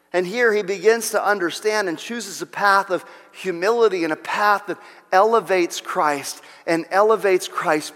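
A man preaching a sermon with a dramatic delivery, his voice climbing and swelling as he voices the boasts of the proud. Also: sits high. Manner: dramatic, rising to near-shouting when voicing boasts. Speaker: pastor. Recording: long hall reverb.

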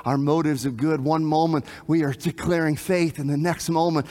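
A man preaching a sermon, animated, asking the congregation questions and acting out scenes. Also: a little high, moderate pace, few pauses, long reverb tail. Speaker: pastor.

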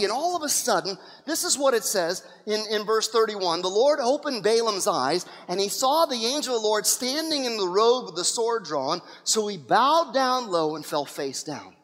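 A man's voice: sits high, expressive, moderate pace, fairly bright tone, in a large hall. A male pastor preaching an impassioned sermon who acts out the scenes he retells.

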